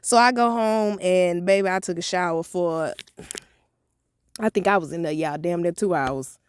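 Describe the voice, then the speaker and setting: A woman vlogger telling a story from her own life in an animated, profane, blunt way. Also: lowish voice, normal speed, clear, resonant tone, dry recording. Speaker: motivational vlogger. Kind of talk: storytime vlog.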